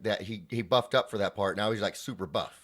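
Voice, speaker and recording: A man with a fairly low voice chats about a TV show on a podcast. He retells scenes in quoted lines and laughs easily along the way. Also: fairly quick, a bit bright. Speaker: podcast co-host. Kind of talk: casual chat about a TV show.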